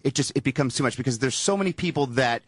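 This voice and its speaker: A man speaking as a guest on talk radio, sarcastic and halting, often repeating himself. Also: mid-range voice, expressive, husky, no echo, studio quality. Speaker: show staffer and guest. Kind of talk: casual talk radio banter. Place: radio studio.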